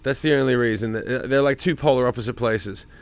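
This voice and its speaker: A man's voice: medium pitch, fast, clean tone. Casual swearing man chatting with his stream. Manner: loose, swears freely, talks to chat by name. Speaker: streamer hosting a live chat. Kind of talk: casual livestream chat reading viewer comments. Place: home.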